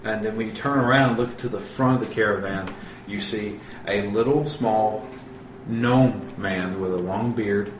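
A man narrating a tabletop game as game master, in a relaxed, low-key way full of little fillers. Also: normal speed, roomy sound, background noise.

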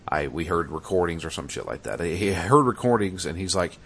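A man with a very low voice tells a video game story in casual conversation. He is animated and laughs often. He swears freely as he talks. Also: fairly quick, few pauses, breathy edge. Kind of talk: casual gaming chat.

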